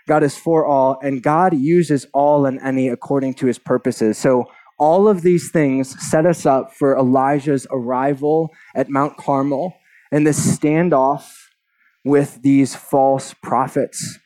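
A man's voice: medium pitch, steady tone, unhurried, mellow. A man preaching a sermon, reading a long scripture passage aloud with conversational asides. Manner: earnest, conversational asides between read verses. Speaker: pastor.

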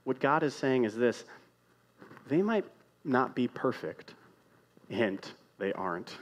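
A man preaching a sermon in a conversational way, asking the congregation rhetorical questions and moving between loud emphatic lines and quiet hushed ones. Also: mid-range voice, big pitch swings, slow pace. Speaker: pastor.

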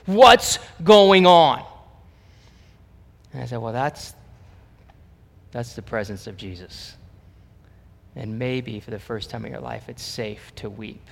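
A man's voice: on the low side, steady tone, measured pace, creaky, pauses often, a little hiss or hum. A male pastor preaching a sermon, telling stories and then building to emphatic preaching. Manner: storytelling, rising to emphatic preaching. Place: church sanctuary. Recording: long reverb of a church hall.

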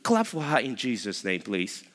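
A man preaching a sermon as pastor, emphatic, with loud stresses that drop to low asides. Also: huge pitch swings, normal speed, very noisy. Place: church sanctuary. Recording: long reverb of a large hall.

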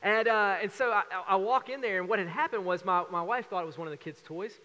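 A man in his thirties preaching a sermon as pastor, telling stories with lively acted-out voices. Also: sits high, fast talker, in a large hall. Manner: animated storytelling with acted voices.

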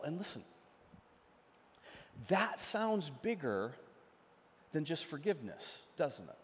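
Dramatic preacher in an echoing hall. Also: male voice, on the high side, big pitch swings, takes it slowly, pauses often. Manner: dramatic retelling, shifts from loud to hushed. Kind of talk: sermon storytelling. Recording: long echo from a large hall.

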